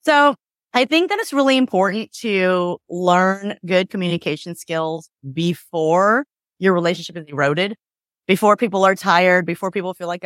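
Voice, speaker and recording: Woman, mediator, lowish pitch, dry recording, chatty explanatory manner. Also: animated, normal speed, dry recording. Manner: explains with quoted examples, frequent "like" and "right?". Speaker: divorce mediator. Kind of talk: conversational interview.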